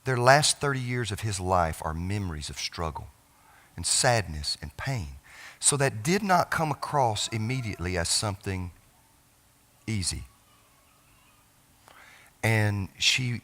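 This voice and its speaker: Bright-toned man preaching tenderly. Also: on the low side, animated. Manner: emotional storytelling, halting restarts, trailing off softly. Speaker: pastor. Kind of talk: sermon. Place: church sanctuary.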